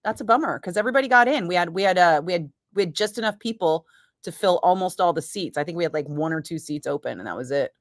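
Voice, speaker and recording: A middle-aged woman radio DJ chatting casually with listeners between segments, frank and quick to laugh, swearing now and then. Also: on the low side, expressive, no room sound, studio quality.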